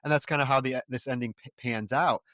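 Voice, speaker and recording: A man's voice: medium pitch, a little fast, fairly bright tone, no room sound, studio quality. A man co-hosting a podcast, talking through a film in a brash, profane and incredulous way. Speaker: podcast co-host. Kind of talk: casual film commentary chat.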